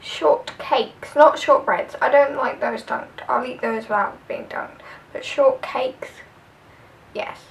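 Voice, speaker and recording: Young southern english girl rambling thru a tag vid, high voice with some fry, a bit far from the mic. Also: takes it slowly. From southern England. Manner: chatty, rambling, filler-heavy. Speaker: vlogger. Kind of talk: casual tag video chat.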